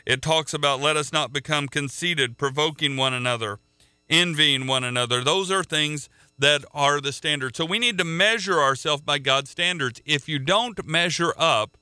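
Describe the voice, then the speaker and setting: A man preaches with earnest conviction and often doubles back on his words mid-thought. His voice is strikingly bright and smooth. The sound is dry and close, with no room around it. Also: a little high, normal speed, few pauses, no echo. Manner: earnest, repeats words as he restarts. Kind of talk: sermon.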